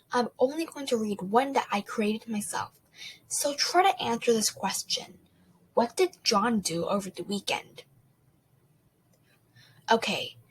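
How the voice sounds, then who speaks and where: Soft-spoken woman teaching English. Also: a little high, slight background noise, low-quality recording. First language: not English. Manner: chatty, with small restarts. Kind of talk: casual lesson, partly whispered.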